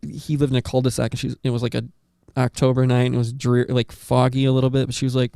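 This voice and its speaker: A man hosting a podcast, telling a story in a rambling, animated way with lots of swearing and acted-out quotes. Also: medium pitch, quick pace, gravelly, dry recording, clean studio sound. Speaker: podcast host. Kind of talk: casual storytelling chat.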